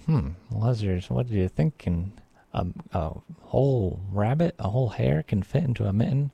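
A man's voice: expressive, moderate pace, creaky, breathy edge, no room sound. A man reading a folktale aloud, with casual spoken asides to a listener. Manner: voices small animals in a high hushed squeak. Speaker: storyteller.

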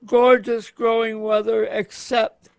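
A man in casual radio chat, explaining in slow, rambling, halting sentences as a gardening expert. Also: very high-pitched, flat delivery, gravelly, clear, resonant tone, no echo.

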